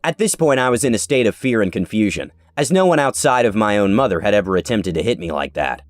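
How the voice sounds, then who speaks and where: A man narrating an online story in a scripted, sarcastic and animated way. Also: lowish voice, quick pace, no room sound. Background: faint background music.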